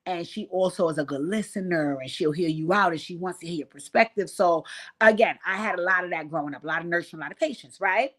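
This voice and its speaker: A woman hosting a live stream, telling profane stories and talking to viewers in a casual, animated way. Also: on the low side, fast talker. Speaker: host.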